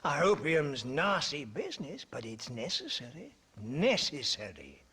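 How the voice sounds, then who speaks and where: A man's voice: on the high side, huge pitch swings, unhurried, bright, forceful tone, breathy edge, full character voice. An actor playing a pompous, jovial, crooked opium trader in a video game, blustering and chuckling as he talks. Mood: scheming.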